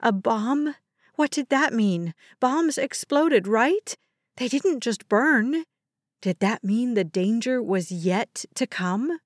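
A woman narrating a dramatic audiobook in a measured storytelling manner. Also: a little high, expressive, no echo, clean studio sound. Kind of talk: scripted narration.

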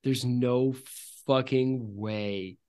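Male game master, slow and halting narration, mid-range voice. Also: mid-range voice, fairly even intonation, warm tone, smooth. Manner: drawn-out, halting narration, swearing when flustered. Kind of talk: narrating a tabletop game over a voice call.

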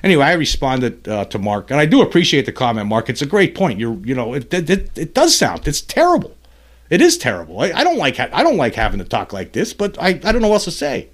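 A male podcast host talks alone into the mic, his voice sitting in a middle pitch. He rambles and trips over restarts and fillers, then gets heated and emphatic as he makes his point. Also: huge pitch swings, fast. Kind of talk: solo commentary podcast.

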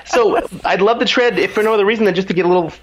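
A man in his forties telling stories as an interview guest, animated and self-deprecating, with many restarts. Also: high voice, racing, poor audio. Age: 40s. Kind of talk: casual interview storytelling.

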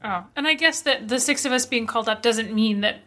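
Female player, curious and casual, raised pitch. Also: a little fast, bright, forceful tone, faint music behind. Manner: curious, questioning. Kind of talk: casual tabletop play.

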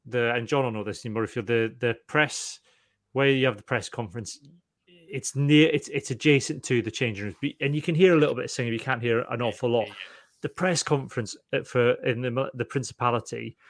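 A man co-hosting a podcast, telling stories in a lively, animated way and mimicking the people he talks about. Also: mid-range voice, fairly quick, dry recording, studio quality. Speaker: podcast co-host. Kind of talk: casual sports chat.

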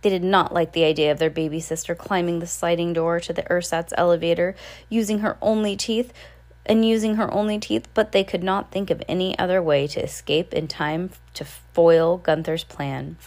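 A woman's voice: on the low side, fairly even intonation, normal speed, a little mellow. A woman reading a novel aloud in a casual, unpolished way, with slips and restarts. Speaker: reader.

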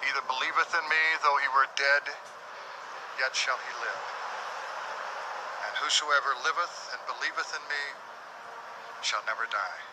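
An actor playing a preacher who reads scripture at a funeral in a slow, formal intoning voice, heard as a noisy TV drama clip. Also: male voice, medium pitch, natural voice. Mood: solemn. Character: solemn male preacher reading scripture at a funeral.

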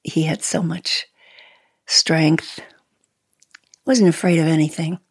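Slow, gravelly older woman. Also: sits low, steady tone, dry recording. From Sweden. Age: 80s. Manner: soft-spoken, halting, laughs often. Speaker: interview guest. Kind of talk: reminiscing conversation.

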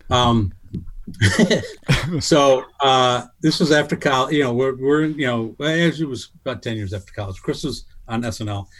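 A middle-aged man telling a lively story in casual chat, acting out what people said in a higher voice. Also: normal speed. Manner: animated, acts out quotes in a higher voice. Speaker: guest storyteller. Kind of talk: casual anecdote on a podcast.

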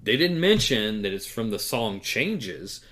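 A man's voice: fairly low pitch, big pitch swings, a little slow, fairly bright tone. A man co-hosting a podcast in casual chat, rambling with many fillers and chuckles. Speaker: podcast co-host.

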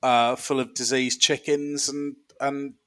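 A man playing a dwarf man who runs an underground fortress, in a comic podcast bit, rambling and deadpan with many pauses. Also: mid-range voice.

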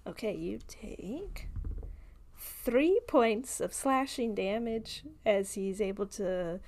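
Slow, rambling woman game master. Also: mid-range voice, expressive, a little mellow. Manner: rambling with many fillers, laughing often. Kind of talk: narrating a tabletop game.

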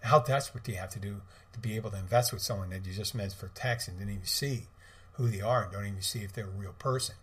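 Middle-aged man, podcast host, low-pitched, rambling casual storytelling, lots of restarts. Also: fast, a bit bright. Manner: rambling, with many restarts and asides.

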